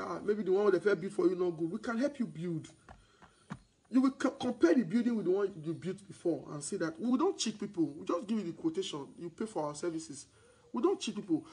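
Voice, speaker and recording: Over poor audio, a high, slightly rough male voice with a Nigerian accent promotes real estate to his viewers. This sales broadcast monologue mixes Pidgin with English, and he keeps repeating himself as he turns loud and excited.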